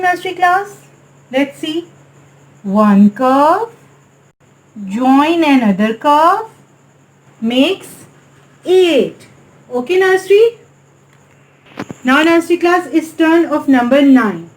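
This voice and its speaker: High-voiced teacher with Pakistani English accent. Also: female voice, echoey room, rough recording. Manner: slow, sing-song, repeatedly addressing the class. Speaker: nursery teacher. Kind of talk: recorded online maths lesson for small children.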